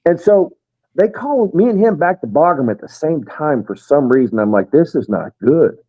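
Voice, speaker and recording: A man's voice: on the high side, animated, normal speed. An American man, a retired first sergeant, casually telling army stories and acting out what others said. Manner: rambling storyteller, acts out quoted soldiers. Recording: tinny phone-like line.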